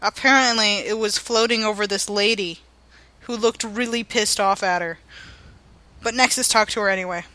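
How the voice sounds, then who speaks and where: A woman's voice: medium pitch, steady tone, normal speed, sharp tone. A young woman narrating her video game playthrough like a goofy storybook, full of silly asides. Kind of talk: playful let's-play narration.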